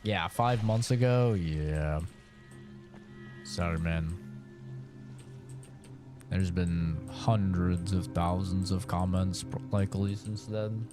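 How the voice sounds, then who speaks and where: A man's voice: sits low, takes it slowly, long pauses, music in the background. A man streaming a game, chatting casually with his viewers and reacting loosely as he plays. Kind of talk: casual live-stream chat while gaming.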